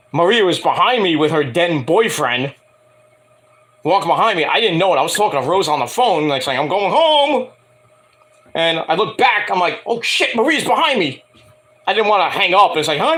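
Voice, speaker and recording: Animated, bright-voiced man rambling to camera. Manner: animated, profane, acts out quotes in higher voices. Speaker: wrestling and music vlogger. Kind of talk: casual rambling storytelling to camera.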